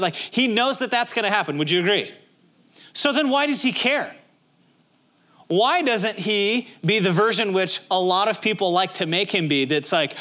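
A man's voice: sits high, bright, forceful tone. A male pastor preaching a sermon in a conversational, emphatic way, with many rhetorical questions.

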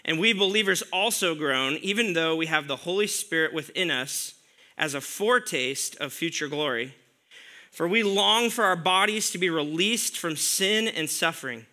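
Bright-voiced man preaching a sermon. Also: fairly high pitch. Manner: conversational preaching with rhetorical questions. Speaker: pastor.

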